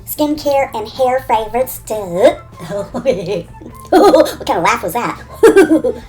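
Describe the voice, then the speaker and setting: A woman's voice: fairly high pitch, lively intonation, very slow, a little mellow, faint music behind. A woman beauty vlogger chattering playfully to herself and her products, giggling often. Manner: giggly, talks to herself and objects.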